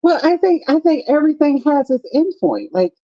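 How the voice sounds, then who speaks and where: A woman's voice: high voice, very animated, moderate pace, dry recording, muffled recording. A middle-aged woman co-hosting a live chat show, talking in a direct, matter-of-fact way. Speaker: co-host.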